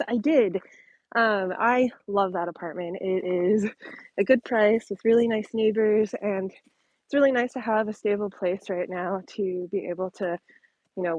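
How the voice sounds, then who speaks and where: A woman's voice: mid-range voice, no room sound, rough recording. A woman hosting a casual live-stream Q&A on her phone while walking her dog along an outdoor trail, a little out of breath, chatty with lots of ums and likes. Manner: chatty, many ums and likes, laughing lightly. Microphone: handheld phone at arm's length.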